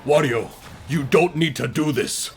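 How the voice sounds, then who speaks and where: Man doing a calm, coaxing boss. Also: on the high side, a little slow, a little hiss or hum.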